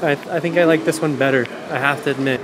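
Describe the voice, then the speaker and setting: A man's voice: on the high side, fairly even intonation, quick pace. A young man chatting casually as he vlogs his travels, joking and rambling between meals and sights. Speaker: travel vlogger. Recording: handheld camera with ambient noise.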